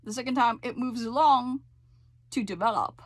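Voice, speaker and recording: A woman's voice: a little high, moderate pace, no room sound. A woman teaching a voice lesson, coaching with frequent check-ins and sung demonstrations. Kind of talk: singing lesson explanation.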